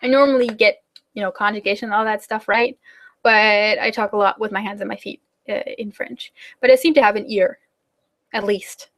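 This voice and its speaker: A woman's voice: medium pitch, steady tone, moderate pace. A young German woman hosting a casual live Q&A, chatty and fidgety with lots of ums and likes, speaking English with a German accent. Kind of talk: casual live chat answering viewer questions.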